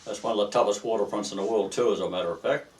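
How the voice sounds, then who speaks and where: An older Australian man, a retired seaman, telling stories in a rambling, halting way with many restarts during an oral history interview. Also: fairly low pitch, far from the mic.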